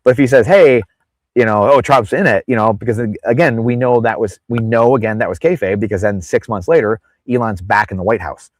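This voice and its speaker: A man's voice: on the low side, quick pace, hardly any pauses, no room sound. A man speaking as a podcast guest in casual interview talk, rambling off on tangents and acting out the people he quotes. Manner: acts out quoted people in exaggerated voices.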